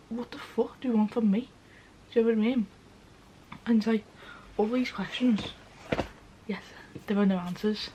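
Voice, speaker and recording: Her voice mid-range and darkish, a young adult vlogger is frank, sweary and tearful as she talks to camera, voice breaking, peppering it with "do you know what I mean." It's a low-quality recording with a little hiss or hum.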